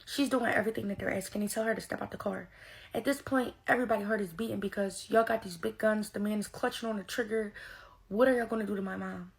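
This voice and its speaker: A woman telling a personal story casually, animated, often calling her viewers y'all. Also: mid-range voice, quick pace, creaky.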